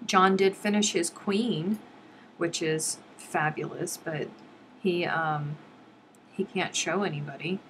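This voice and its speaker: A woman's voice: lowish voice, slow, fairly bright tone, a little hiss or hum, poor audio. A middle-aged woman hosting a casual live stream and chatting with her viewers, reading their comments aloud playfully. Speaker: livestream host.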